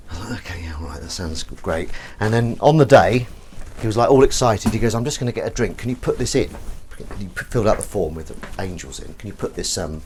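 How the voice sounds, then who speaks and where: A man's voice: on the low side, noisy background. A young man chatting casually and rambling through anecdotes, with fillers and asides, while he washes up. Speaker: host of a washing-up livestream. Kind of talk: casual chat while washing dishes.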